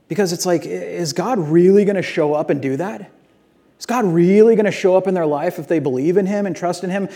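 Male pastor, sermon in church, conversational storytelling, slightly high, mellow voice. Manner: conversational storytelling, building to emphatic peaks. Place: church, before a congregation.

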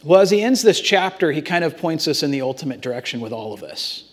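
A male pastor giving a sermon in a relaxed, conversational way, telling personal stories with animated asides. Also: on the high side, fast, slightly rough.

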